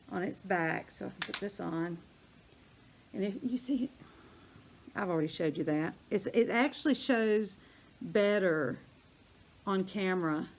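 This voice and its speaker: An older woman, chatting casually and thinking out loud as she demonstrates a craft project. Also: on the low side, a little hiss or hum. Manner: chatty, rambling, thinks aloud while working. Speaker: crafting vlogger.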